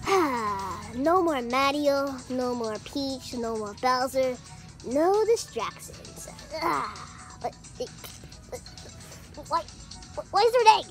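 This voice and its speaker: Flustered old professor inventor guy, keeps stumbling over his words, super high voice that swoops around , woman doing it. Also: lively intonation, slow pace, soft background music. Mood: frantic. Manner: stammering, easily flustered. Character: absent-minded eccentric old male professor inventor. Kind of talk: fan puppet video acting.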